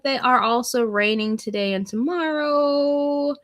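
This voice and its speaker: A woman's voice: medium pitch, unhurried, a bit bright. A woman hosting a casual livestream, chatting with viewers and reading weather forecasts aloud. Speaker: livestream host.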